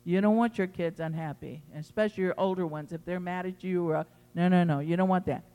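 A pastor preaching a sermon to his congregation in an impassioned, emphatic way, swinging between loud pleading and quiet teaching. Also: high voice, fairly even intonation, a little fast, smooth, in a large hall. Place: church sanctuary.

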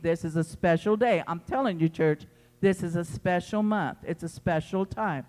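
A pastor preaching a sermon to his congregation in an impassioned, emphatic way, swinging between loud pleading and quiet teaching. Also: high-pitched, normal speed, big-room sound. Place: church sanctuary.

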